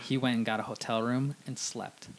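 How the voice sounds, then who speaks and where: A man's voice: medium pitch, fairly even intonation. Joking podcast host man. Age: adult with a wife. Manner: joking, does quick impressions. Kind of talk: casual chat.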